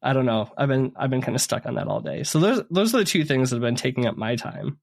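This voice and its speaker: A man co-hosting a podcast, chatting in a relaxed, laid-back way. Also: mid-range voice, fast talker, gravelly. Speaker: podcast co-host. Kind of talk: casual chat.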